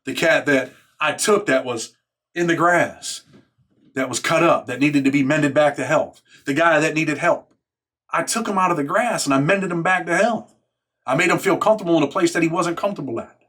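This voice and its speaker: Brief: New man, blunt and streetwise, slightly high-pitched storyteller. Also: normal speed, a bit bright. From New York. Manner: blunt, profane, street talk. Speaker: YouTuber recounting prison life. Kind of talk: casual storytelling monologue.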